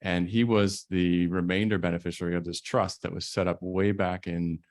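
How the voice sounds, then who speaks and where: A man, an estate planning attorney, giving a measured, explanatory conference presentation. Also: low-pitched, little pitch movement, a little mellow, dry recording, clean studio sound.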